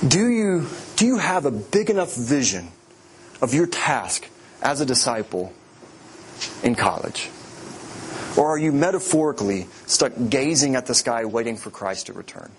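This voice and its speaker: A man's voice: medium pitch, sing-song, moderate pace, a little hiss or hum. A man, a pastor, preaching a sermon with vivid storytelling, often repeating and restarting words.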